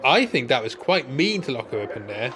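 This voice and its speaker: A man's voice: medium pitch, very animated, a little fast, pushed and bright. A man playing a timid, pedantic pensioner in a comedy sketch, fussy and meek.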